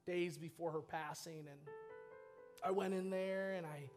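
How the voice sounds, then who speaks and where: In a church sanctuary, a male pastor with a fairly high voice preaches a sermon, telling a personal story with feeling at a measured pace. His delivery is emotional and animated, with soft music in the background.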